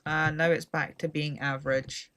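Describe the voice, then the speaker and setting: This Scottish woman talks casually and drily as she streams a game, wandering from thought to thought. Her low voice is fairly bright but delivered flatly at a moderate pace, with slight background noise.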